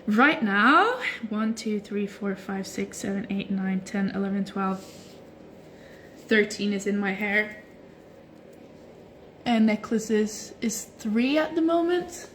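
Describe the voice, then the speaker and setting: With a medium-pitched voice, a young woman talks slowly and pauses often during a casual home livestream on her phone, stretching while she responds to viewer comments. She's easygoing and chatty, using lots of "like," and slight background noise is present.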